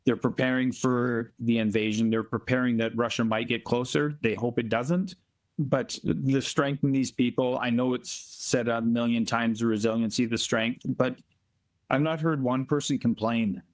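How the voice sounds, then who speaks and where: A man from Canada, a volunteer being interviewed remotely, telling earnest stories in a plainspoken, emphatic way and slowing down to stress points. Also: medium pitch, steady tone. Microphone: remote call from abroad.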